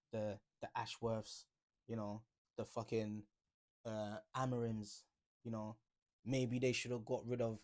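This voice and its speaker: A man's voice: medium pitch, a little mellow. A man vlogging about football in a laid-back, joking way, rambling with slang and fillers. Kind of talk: casual reaction vlog.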